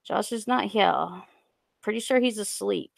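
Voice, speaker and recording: A young woman with a creaky, mid-range voice reads viewer comments aloud on a casual live stream, rambling and halting with plenty of fillers. The USB desk mic gives a dry recording.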